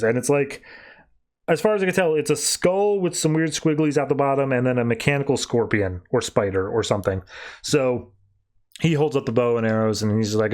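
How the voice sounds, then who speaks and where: A young man talks through a comic issue in a loose, chatty podcast recap. His voice sits in a middle register but leaps high whenever he acts out a character's panicked line, then drops back for his own take. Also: fairly quick. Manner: animated retelling, acting out quoted lines with pitch jumps. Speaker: podcast host reviewing comics. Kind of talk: casual comic recap and review.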